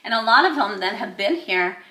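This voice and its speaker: An American woman hosts a podcast conversation, chatty and quick to affirm her guest. Her tone is bright and clear, bouncing around a roomy, echoing space. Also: a little high, animated. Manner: conversational, affirming with frequent mm-hmms. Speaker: podcast host. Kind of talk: casual interview chat. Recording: echoey room.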